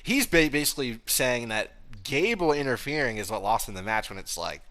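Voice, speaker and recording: A young man co-hosting a casual podcast, bright and edgy in tone. He talks loosely and keeps slipping into excited, raised-voice impressions of the people he describes. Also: mid-range voice, brisk. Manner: animated, acts out quotes in raised voices. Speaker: podcast co-host. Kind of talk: casual chat recapping wrestling.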